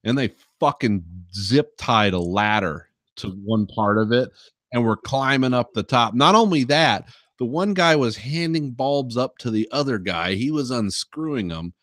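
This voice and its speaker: A man's voice: mid-range voice, expressive, measured pace, a bit bright, no room sound, studio quality. A man hosting a podcast, telling a story in casual, swearing chat and laughing often. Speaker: podcast host.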